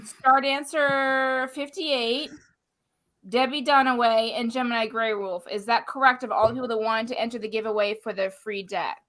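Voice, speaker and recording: A woman's voice: a little high, fairly even intonation, moderate pace, a bit bright, poor audio. A woman hosting a casual live-stream chat over a video call, full of crude joking banter. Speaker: host.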